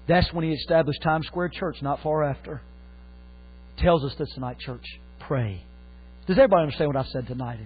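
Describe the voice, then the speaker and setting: A male pastor preaching a sermon, with impassioned swings and sudden loud exclamations. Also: fairly high pitch, brisk, breathy edge. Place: church. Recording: tinny phone-like sound with faint mains hum.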